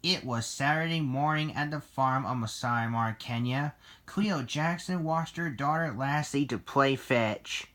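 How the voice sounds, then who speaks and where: A reader narrating a children's storybook in a slow, deliberate way. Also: mid-range voice, fairly bright tone.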